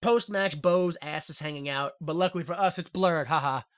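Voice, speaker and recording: A man's voice: on the high side, moderate pace, clean tone. A man hosting a casual recap podcast, reading out notes and laughing now and then. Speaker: podcast host.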